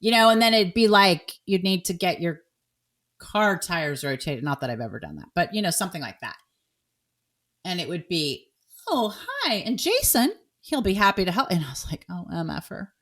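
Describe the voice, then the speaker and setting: A middle-aged woman hosting a podcast in casual chat, playful and talkative, dropping to low mutters and jumping to high exclamations. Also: expressive, a little fast, a bit bright. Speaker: podcast host.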